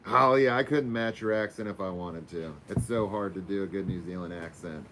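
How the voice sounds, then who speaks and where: Man, livestream host, low voice, casual, swears, faint noise. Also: fairly quick, fairly bright tone. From Florida. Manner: loose, swears, chatters to his dog. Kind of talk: casual livestream sign-off chat.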